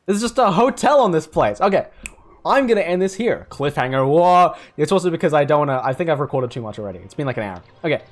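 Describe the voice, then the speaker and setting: Lively, jokey young man gaming. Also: a little high, fast talker. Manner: jokey, rambling, swears and laughs. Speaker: gaming YouTuber. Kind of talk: casual gameplay commentary.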